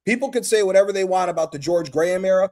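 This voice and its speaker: High-voiced American guy, heated caller, swears a lot, relentless. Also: very fast, darkish tone. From United States. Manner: passionate, profane, emphatic. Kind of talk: heated call-in rant.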